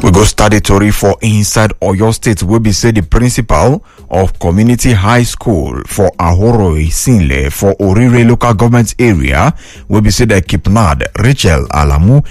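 A Nigerian man reading radio news with a Nigerian Pidgin accent, in a brisk, chatty newsreader style. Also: fairly low pitch, animated, darkish tone, no echo, faint music behind.

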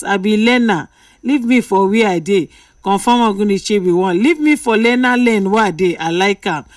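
A woman's voice: medium pitch, no room sound, clean studio sound, recorded from a distance. A Nigerian woman hosting a late-night radio call-in, playfully reading out listener messages and bantering with callers.

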